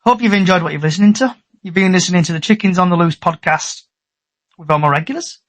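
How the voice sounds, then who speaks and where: A man's voice: high voice, fast. A man with a Middlesbrough accent hosting a podcast in chatty, upbeat casual talk, thanking his regulars. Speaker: podcast host. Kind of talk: casual chat.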